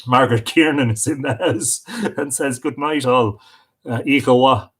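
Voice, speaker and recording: Husky Irish man hosting a livestream. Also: mid-range voice, normal speed, fairly bright tone. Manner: chatty, off the cuff, greets viewers. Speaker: host. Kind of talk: casual livestream chat. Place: home with bookshelves.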